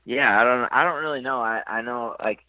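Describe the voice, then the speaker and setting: A man in his thirties from Minnesota with a faint Minnesota accent, talking casually in an interview, relaxed and hesitant with many fillers. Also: mid-range voice, fairly quick, no room sound. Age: 30s. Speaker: motocross racer. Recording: dry, tinny phone-like line.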